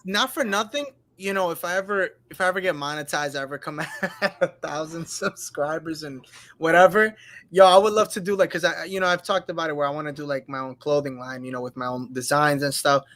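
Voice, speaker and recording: Excitable high-voiced man laughing. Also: brisk, no echo. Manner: laughs a lot, excitable, swears. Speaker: podcast host. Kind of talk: casual live-stream chat. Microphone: headphones and computer mic.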